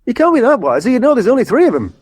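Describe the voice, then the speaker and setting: A man's voice: extremely high pitch, huge pitch swings, very fast, husky, dry recording, clean studio sound, heavily acted. A man playing a brusque middle-aged director running nativity auditions in a radio sitcom. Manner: brusque, dismissive. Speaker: show director. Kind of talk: comedy radio sitcom acting.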